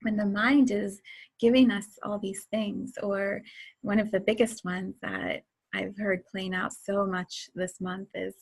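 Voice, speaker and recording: Gravelly-voiced woman, chatty and laughing. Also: mid-range voice, level tone, unhurried. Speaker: host. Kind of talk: casual spiritual talk.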